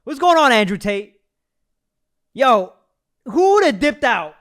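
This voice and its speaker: A man hosting a reaction video, giving casual commentary in an excitable, teasing, slangy way. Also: extremely high pitch, slow pace. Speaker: reaction host.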